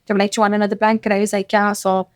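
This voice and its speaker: A woman's voice: medium pitch, monotone, clean tone, no echo, studio quality. A woman with a Cork accent, a podcast guest telling her story casually, quoting other people's words as she goes. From Ireland. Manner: rapid, with quoted dialogue. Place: podcast studio.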